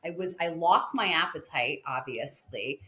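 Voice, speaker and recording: A woman in her forties, a restaurateur guest, telling a story in a chatty, animated way in a casual interview. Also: low-pitched, a little slow, a crowd in the background. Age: 40s.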